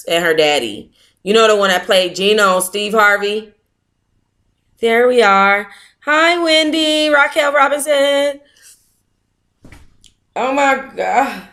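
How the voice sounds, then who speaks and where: Hosting a casual online book club chat, a woman with a mid-range voice and a bright, clear tone speaks slowly. She mutters to herself, then bursts into excitable, dramatic outbursts.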